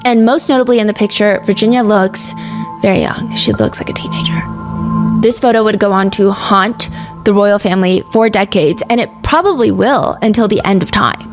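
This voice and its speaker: A woman's voice: mid-range voice, moderate pace. A woman with a mid-range voice tells a true-crime story as a podcast host. She keeps it casual and chatty, slipping in fillers and side remarks. Faint music plays underneath.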